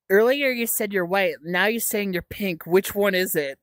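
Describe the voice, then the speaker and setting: A woman's voice: on the low side, moderate pace, hardly any pauses, dry recording. A young woman hosting a casual livestream, reading chat aloud with a giggly, stammering, jokey way of talking. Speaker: livestream host.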